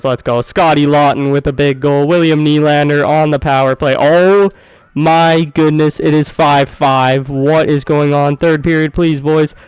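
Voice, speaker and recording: A man with a slightly high, clean and smooth voice narrates his hockey video game as he plays. He is excitable and quick to curse, dropping low to mutter about the play before bursting into loud, yelling cheers. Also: no room sound, poor audio. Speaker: gaming YouTuber.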